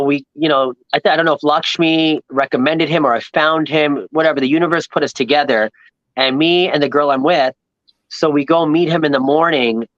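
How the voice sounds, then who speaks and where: A man tells a long story in a loose, rambling way. He acts out every voice he met and sounds thrilled by each coincidence. His voice sits a bit high and comes through a dry, slightly muffled recording. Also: fairly bright tone, dry recording. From New York, Long Island. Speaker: guest. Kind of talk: casual storytelling chat.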